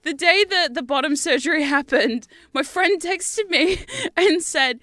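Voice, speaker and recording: A woman's voice: high-pitched, expressive, normal speed, sharp tone, dry recording. A young adult woman streaming, chatting casually in a rambling way, laughing often and swearing freely.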